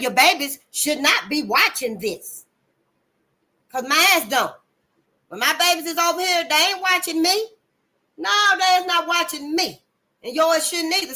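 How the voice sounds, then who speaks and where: A woman hosting her channel delivers impassioned, blunt and profane commentary, calling listeners "honey." She swings between loud outbursts and low asides.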